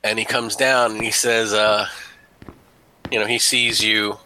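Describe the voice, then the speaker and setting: Casting: bright-voiced male game master, loose rambling narration, dry sound. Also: lowish voice, level tone, measured pace, dry recording, poor audio. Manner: rambling, many "you know" fillers.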